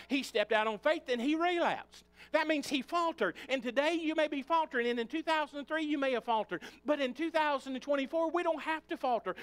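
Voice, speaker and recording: Man, Appalachian accent, high-pitched preacher, impassioned Sunday sermon in a church. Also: a bit bright. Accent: Appalachian American. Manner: impassioned preaching, rising and falling in pitch and volume. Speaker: pastor. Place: church sanctuary.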